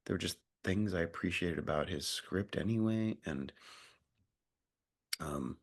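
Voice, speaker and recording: Gravelly deep-voiced man, rambling interview. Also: a little slow. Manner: rambling, many fillers and restarts, swears casually. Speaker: actor being interviewed. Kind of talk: casual interview chat.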